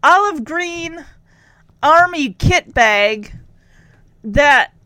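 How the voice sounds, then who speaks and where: A woman's voice: high voice, lively intonation, extremely slow, bright, forceful tone, dry recording. A woman chatting through a recap of a TV episode, laughing often and making teasing asides. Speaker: show recap host. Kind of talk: casual recap commentary.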